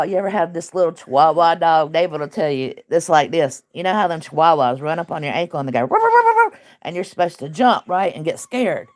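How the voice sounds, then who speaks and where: A woman's voice: low voice, darkish tone. A woman who hosts casual online commentary, talking bluntly and emphatically with laughs.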